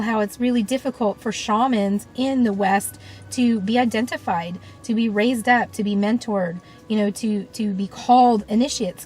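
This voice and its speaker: A woman's voice: on the high side, poor audio. A woman with an earnest, thoughtful manner, speaking in a reflective monologue and often leaning on "you know" and "um". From United States. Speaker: shamanic practitioner and teacher.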